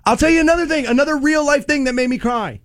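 A man hosting a radio show, chatting casually in the studio in an animated, self-mocking way and saying "dude" a lot. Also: very high-pitched, quick pace, no room sound. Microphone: studio microphone.

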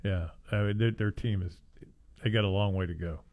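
A man's voice: lowish voice, steady tone, fairly quick, narrow, tinny audio. A man co-hosting a sports talk show, rambling casually and chuckling as he interrupts himself. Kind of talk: casual sports radio chat.

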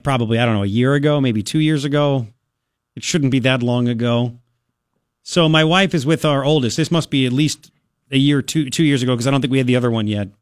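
A man in his forties hosting a talk radio show, joking with his co-host and telling animated stories between political commentary. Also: on the high side, no echo, clean studio sound. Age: 40s. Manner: joking, teasing, animated storytelling. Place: radio studio. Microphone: studio mic.

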